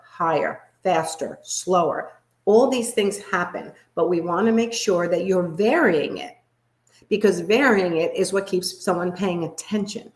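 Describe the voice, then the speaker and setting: Animated woman coaching in an echoey room. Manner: animated, demonstrative, shifts pitch and volume for effect. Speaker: body language coach. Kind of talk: live workshop presentation.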